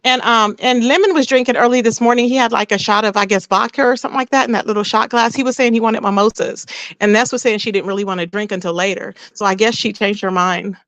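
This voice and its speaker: High-voiced woman gossiping animatedly. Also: fast, no echo. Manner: animated storytelling, quotes people in raised voice, laughs often. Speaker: co-host. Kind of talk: casual gossip chat.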